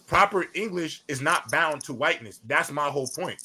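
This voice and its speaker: Male co-host, emphatic arguer, bright sharp tone. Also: a little high, expressive, moderate pace, slight background noise. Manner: emphatic, argumentative. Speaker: podcast co-host. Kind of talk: casual debate chat.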